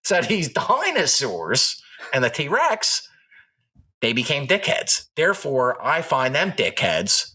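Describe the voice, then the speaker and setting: Foul-mouthed podcast dude, bright sharp voice, pitch jumping all over while he rants. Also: huge pitch swings, slow pace, breathy edge. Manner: profane, rambling, jokey rants. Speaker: podcast co-host. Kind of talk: crude comedic podcast banter.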